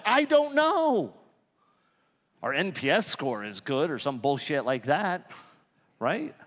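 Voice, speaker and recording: Animated, swearing man in a reverberant hall. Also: high voice. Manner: profane, joking, animated storytelling. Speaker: conference speaker. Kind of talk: live conference talk. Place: large conference hall.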